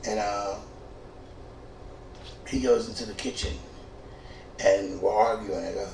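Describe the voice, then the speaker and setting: A middle-aged man telling a funny true story, low and gravelly, swearing freely and restarting his words as he goes. He sounds a bit far from the mic, with a roomy echo and faint noise behind him. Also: takes it slowly, long pauses. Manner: profane, stammering restarts, animated. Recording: echoey room, distant mic, faint noise.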